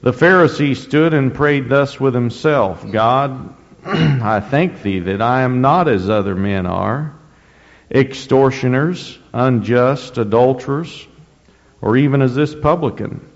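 Male preacher reading scripture with deliberate, rising emphasis, captured on a dull, muffled recording. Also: mid-range voice. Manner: slow, deliberate reading with rising emphasis and frequent throat clearing. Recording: dull lo-fi recording in a reverberant hall.

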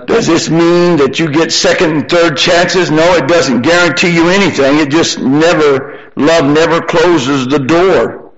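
An older man preaching a sermon, repeating his phrases as he presses his congregation, then dropping into quieter storytelling. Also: unhurried, hardly any pauses, highs cut off. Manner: rising to high-pitched emphatic exhortation, then softer storytelling.

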